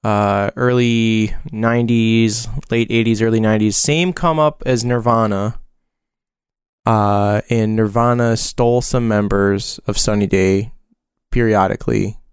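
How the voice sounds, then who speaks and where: A man in his forties tells a loose, rambling story in casual podcast chat, stopping and restarting as he goes. His voice is smooth and clear, recorded dry and close with no room sound. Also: on the low side, steady tone, measured pace, no room sound. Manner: rambling, chatty storytelling with frequent fillers.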